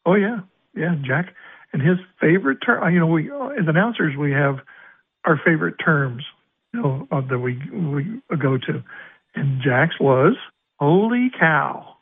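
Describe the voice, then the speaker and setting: Gravelly, husky older man on a phone-like line. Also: a little high, unhurried. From Arizona. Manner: animated storyteller acting out quoted dialogue. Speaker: racetrack announcer. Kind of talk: storytelling interview.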